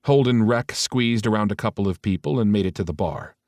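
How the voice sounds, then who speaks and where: A male audiobook narrator reads a romance in a steady, even way. His voice sits low. The recording is dry and close, with no room sound. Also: a little fast, no echo.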